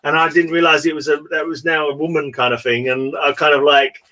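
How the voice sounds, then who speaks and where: A man's voice: fairly high pitch, little pitch movement, fast, pushed and bright. A man hosting a casual online chat, telling stories in a rambling way, with many restarts and fillers and frequent laughter. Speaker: host. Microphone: remote call.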